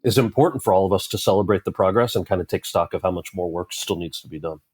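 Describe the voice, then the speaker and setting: A man's voice: deep voice, quick pace, husky, no room sound. A man, an actor telling a story as an interview guest and voicing the people in it. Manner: animated anecdote-telling, quoting others in character. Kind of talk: conversational storytelling.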